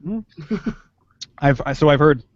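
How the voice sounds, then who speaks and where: A man's voice: on the high side, animated, slow, no echo. Rambling young man on a podcast. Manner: rambling, self-interrupting, laughs often. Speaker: podcast guest. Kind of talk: casual podcast chat. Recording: dull lo-fi recording.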